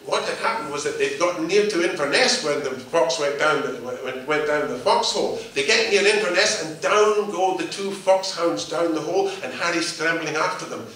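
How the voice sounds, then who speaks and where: Storyteller in an echoing room. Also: male voice, on the high side, normal speed, few pauses, slight background noise. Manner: lively, animated voices for each character. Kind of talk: oral folk-tale telling. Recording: echoey room, mic far off.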